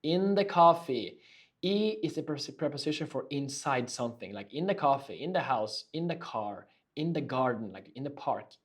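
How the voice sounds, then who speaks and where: A man's voice: medium pitch, animated, moderate pace. A man from Norway with a Norwegian accent, teaching a language lesson in a casual, joking podcast style. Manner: joking, playful explaining.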